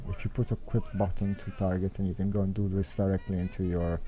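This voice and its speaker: Low, dark-voiced man explaining game tactics. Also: little pitch movement, quick pace, faint music behind. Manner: meandering, explanatory, thinks aloud. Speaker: game strategy guide maker. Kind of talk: unscripted commentary over gameplay footage.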